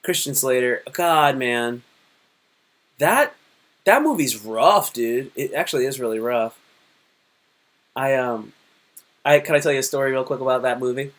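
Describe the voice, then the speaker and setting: A man in his thirties hosting a live stream, chatting casually and telling lively stories with many fillers. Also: medium pitch, normal speed. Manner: animated storyteller, many fillers. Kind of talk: casual chat.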